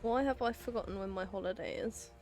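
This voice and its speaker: A woman's voice: mid-range voice, brisk, a little mellow, soft background music. A woman chatting casually to her viewers on a live game stream, giggling now and then and talking straight to chat.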